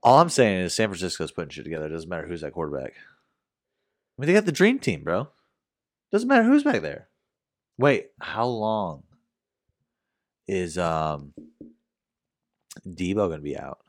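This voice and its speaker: A young man co-hosting a sports podcast in a relaxed drawl that jumps up loud when he gets excited. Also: deep voice, moderate pace, long pauses. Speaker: podcast co-host. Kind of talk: casual sports chat.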